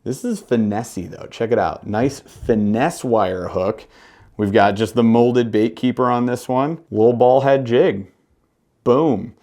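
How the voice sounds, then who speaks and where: A man hosting a fishing channel, chatting casually and excitedly as he reviews lures, full of slang and jokes. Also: mid-range voice, measured pace. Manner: enthusiastic, slangy, joking.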